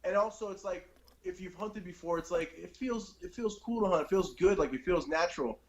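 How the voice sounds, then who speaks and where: A man of Cuban background on a podcast, easygoing and casual, tossing in swear words and "like" as he talks. His voice sits a little higher than most men's. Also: brisk, dull audio. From Cuban family background. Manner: laid-back, swears casually, says "like" a lot. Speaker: podcast co-host. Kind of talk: casual chat.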